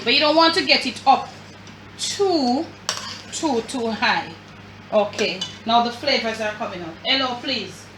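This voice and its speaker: A woman's voice: on the high side, reverberant, distant mic, noisy background. A woman with a Jamaican accent hosting a cooking demonstration, talking chattily to her viewers as family while she works at the stove. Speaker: cooking show host. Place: home kitchen.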